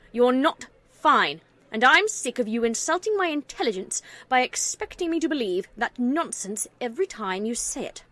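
A woman voicing an anxious, pushy older mare mother, speaking in a louder, insistent way. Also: a little high.

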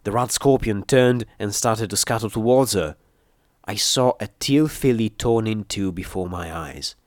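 Low-voiced man narrating an action story. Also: a little slow, no room sound, studio quality. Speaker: audiobook reader. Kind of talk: first-person narration of a fan story.

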